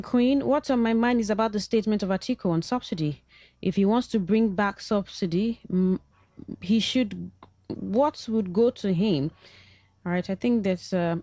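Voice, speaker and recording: A woman's voice: mid-range voice, warm tone, no room sound. Lady hosting talk radio, cheery, dry close studio sound. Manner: upbeat, brisk presenter patter. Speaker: radio host.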